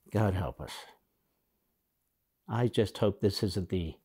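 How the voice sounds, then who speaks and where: A man's voice: fairly low pitch, a little mellow, breathy edge. A man hosting a political commentary show, reacting to clips in a sarcastic, indignant monologue.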